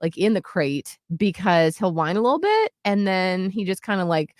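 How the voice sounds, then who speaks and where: A woman's voice: medium pitch, normal speed, no room sound, studio quality. A woman co-hosting a radio show, chatting casually and telling a story with lots of acted-out quotes. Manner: animated storytelling, acts out quotes in voices. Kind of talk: casual chat.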